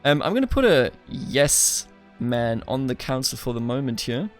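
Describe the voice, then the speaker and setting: A man's voice: medium pitch, sing-song, moderate pace, faint music behind. A young man giving casual, playful gameplay commentary as the host, chatting back at the characters on screen. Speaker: let's play host.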